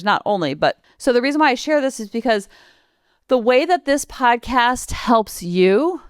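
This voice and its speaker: A woman's voice: medium pitch, clear, resonant tone, dry recording, clean studio sound. A woman in her forties hosting a parenting podcast, chatting casually and piling up long lists of examples. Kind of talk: casual solo podcast talk.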